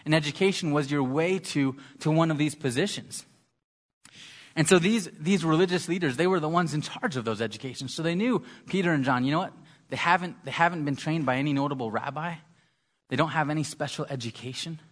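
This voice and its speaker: A male preacher delivers a conversational sermon in a voice pitched a little above the usual for a man. He speaks haltingly, often stumbling over and repeating words as he gathers his thoughts. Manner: halting, repeats words while searching for them.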